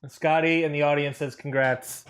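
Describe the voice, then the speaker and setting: A man's voice: on the high side, fairly even intonation, moderate pace. A young man co-hosting a podcast, telling a rambling story in casual chat and laughing often. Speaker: podcast co-host.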